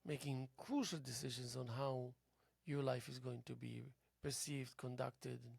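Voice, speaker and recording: A tired man hosting a local TV show, musing aloud in a halting philosophical monologue that drifts into soft whispers. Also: mid-range voice, steady tone, vocal fry, slightly rough, no room sound. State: tired, yawning. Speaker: host. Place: local cable TV studio.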